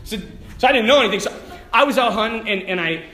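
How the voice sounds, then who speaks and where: A priest giving a talk at a retreat, telling a story in an animated way, often laughing and acting out what people said. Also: male voice, high-pitched, quick pace, roomy sound.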